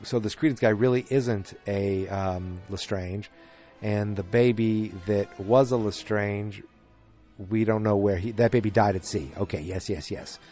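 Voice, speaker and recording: A man's voice: on the low side, steady tone, unhurried, warm tone, soft background music. A man hosting a podcast, casually recapping a film in a rambling way with lots of fillers and restarts. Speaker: podcast host.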